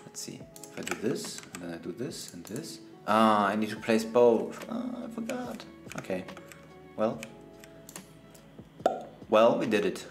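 A man's voice: lowish voice, sing-song, measured pace, pauses often, faint music behind. A man, a gaming streamer chatting playfully through live gameplay, laughing often and talking to the animals in the game.

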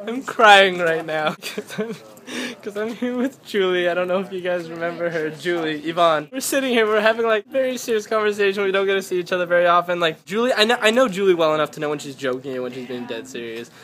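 A young man talking casually to camera in a vlog, chatty and quick to laugh. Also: sits high, fairly bright tone. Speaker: vlogger.

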